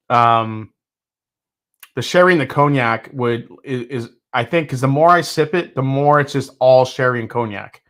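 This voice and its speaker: A man hosting a live whiskey tasting, talking in a rambling, excitable way with lots of fillers and restarts. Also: medium pitch. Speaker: whiskey reviewer, host. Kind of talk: casual live tasting review.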